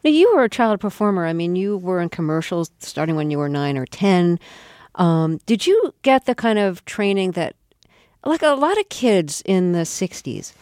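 A woman hosting a radio interview, asking measured, probing questions in a studio. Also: fairly low pitch, sing-song, darkish tone, no echo. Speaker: radio host.

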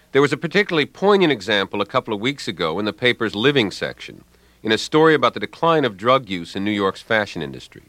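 A man delivering a scripted radio commentary on language in a dry, wry and ironic manner, recorded in a quiet studio. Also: medium pitch, no room sound.

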